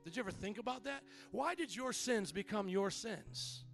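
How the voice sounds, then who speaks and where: A pastor preaches with a high-pitched voice threaded with gravelly fry, expressive and at normal speed. He repeats his points and prompts the congregation to answer back while a soft guitar plays behind him.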